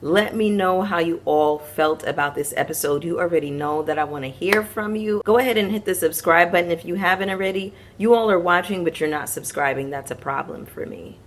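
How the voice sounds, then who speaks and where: A woman with a low voice recapping reality TV for her viewers. She talks frankly and with sass, tossing in slangy asides as she goes. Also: brisk, hardly any pauses, a little hiss or hum. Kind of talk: casual commentary recap.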